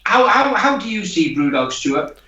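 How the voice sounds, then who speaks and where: A man's voice: high-pitched, very animated, moderate pace, sharp tone, lo-fi sound. A British guest in a casual podcast chat, polite and hesitant as he puts a question. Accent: British English. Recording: roomy sound from far off the mic.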